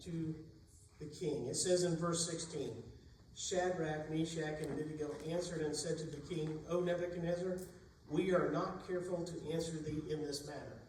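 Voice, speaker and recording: A man's voice: a little high, fairly even intonation, normal speed, darkish tone, a little hiss or hum. A man preaching a sermon in a church, retelling Bible stories in plain everyday speech. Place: church sanctuary. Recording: echoey room, distant mic.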